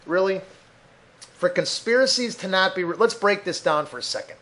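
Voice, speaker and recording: A man rants angrily on a desk mic, his voice pitched high. He swears constantly and slips into mocking impressions of other people. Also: lively intonation, normal speed. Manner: angry, profane, loud ranting with mocking voices. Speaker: podcast host. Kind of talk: solo rant podcast. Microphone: desk mic at a computer.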